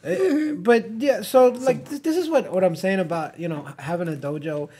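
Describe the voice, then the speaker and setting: A man's voice: high-pitched, moderate pace, warm tone, breathy edge. Guy cohosting a podcast from his gym, laughs a lot, swears, keeps restarting his sentences. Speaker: podcast co-host, gym owner. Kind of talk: casual storytelling chat. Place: gym in New York.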